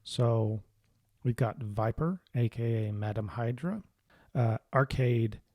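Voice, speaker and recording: A man's voice: medium pitch, slow pace, darkish tone, no echo, studio quality. A man co-hosting a comic book podcast, running through the characters in laid-back casual chat with fillers. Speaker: podcast co-host.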